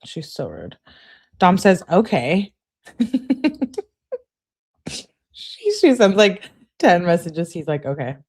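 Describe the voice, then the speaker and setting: Low-voiced woman reading texts aloud. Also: big pitch swings, slow, pauses often, a little mellow, breathy edge. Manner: emphatic, exasperated asides. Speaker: true crime channel host. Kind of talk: reading text messages aloud with commentary.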